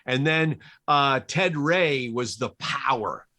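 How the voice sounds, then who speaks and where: A man being interviewed about his career, with a voice of ordinary middle pitch. He tells anecdotes from film sets in a relaxed, lively flow. He often acts out what other people said. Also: slow. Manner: animated, quotes people in his stories. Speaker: cinematographer guest.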